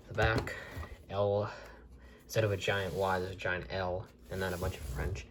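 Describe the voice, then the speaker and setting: A man's voice: deep voice, level tone, normal speed, background noise. A man reviewing a collectible video tape from the desk in his bedroom, talking casually and rambling with many restarts.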